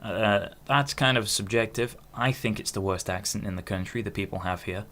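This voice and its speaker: A man's voice: fairly low pitch, steady tone, moderate pace, fairly bright tone. A man in his twenties hosting a podcast, talking in a rambling, self-interrupting solo monologue with casual swearing. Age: 20s. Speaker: podcast host.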